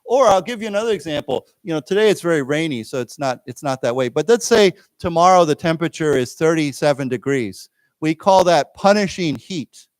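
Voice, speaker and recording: A man's voice: fairly high pitch, lively intonation, fairly quick, dry recording. Male English teacher, dry close sound. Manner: explains words with everyday examples, often checks in with "okay?" and "right?". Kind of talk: live English lesson. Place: library lecture room.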